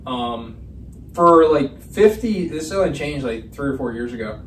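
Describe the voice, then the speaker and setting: A man's voice: medium pitch, lively intonation, a little slow. A young man, co-hosting a podcast in casual chat, telling rambling stories and swearing freely. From Pennsylvania, USA. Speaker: podcast co-host. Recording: roomy, distant mic, faint noise.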